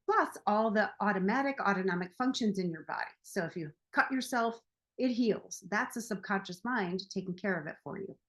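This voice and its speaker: Playful, chatty woman host. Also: medium pitch. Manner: playful and chatty, laughs at herself. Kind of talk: casual talk to camera.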